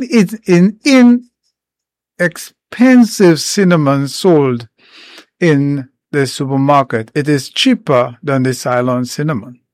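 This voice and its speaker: A man explaining herbal remedies in an informal talk, unhurried and step by step, with many pauses. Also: a little high, darkish tone, dry recording. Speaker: herbal educator.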